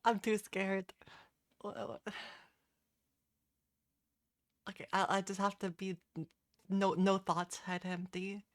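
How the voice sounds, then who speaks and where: A woman's voice: medium pitch, flat delivery, slow, long pauses, no echo, studio quality. A woman streamer chatting through a game live, giggly and self-conscious, stumbling over her words.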